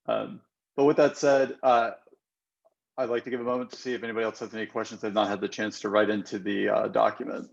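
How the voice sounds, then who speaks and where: A man hosting a work video-call meeting, speaking in a measured, businesslike way. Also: fairly low pitch, completely flat delivery, vocal fry, dull audio. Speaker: meeting host.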